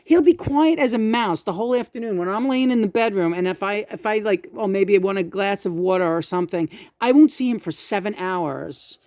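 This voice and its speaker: A woman records a casual reading video at a middle pitch, swearing freely and flaring up into shouts. Her talk is quick-tempered and blunt. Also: dry recording, clean studio sound. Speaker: psychic reader.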